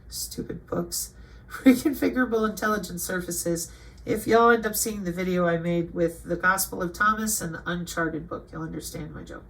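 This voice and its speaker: A woman's voice: lowish voice, a little fast, creaky, fairly bright tone, low-quality recording. A woman reading aloud from a web page and commenting, indignant and lecturing at times. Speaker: online commentator.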